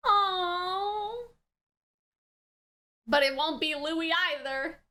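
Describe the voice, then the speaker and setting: A woman's voice: extremely high pitch, drawn-out words, sharp tone. A woman reacting aloud to an episode with gasps and swearing, then chatting through a casual review full of fillers. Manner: exclamatory, frequent gasps and swearing while watching; chatty, filler-heavy with many "like" and "right". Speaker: anime reaction and review YouTuber.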